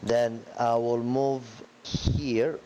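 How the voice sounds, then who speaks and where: A man's voice: medium pitch, little pitch movement, very slow, warm tone, lo-fi sound, slight background noise. Hesitant man declaring his moves. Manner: hesitant, plans moves aloud. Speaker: player. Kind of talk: casual tabletop play.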